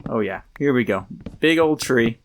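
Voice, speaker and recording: Man, casual game streamer, rambling, lively swooping voice, faint background hiss. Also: mid-range voice, moderate pace. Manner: rambling, chatty, frequent laughs and trailing asides. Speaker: livestream host playing a game. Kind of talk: casual chat while gaming.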